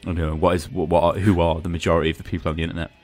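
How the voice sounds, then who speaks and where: Podcast host, excitable sarcastic rants, headset voice chat with faint background music. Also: male voice, low-pitched, racing. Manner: animated, sarcastic ranting. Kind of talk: casual ranting chat.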